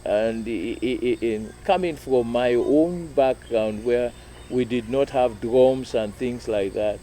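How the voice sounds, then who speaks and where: A man's voice: medium pitch, dark tone, a little hiss or hum. A man reminiscing in an interview about his years as a drummer and singer. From Sierra Leone. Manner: halting, with restarts. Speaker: interviewee, musician.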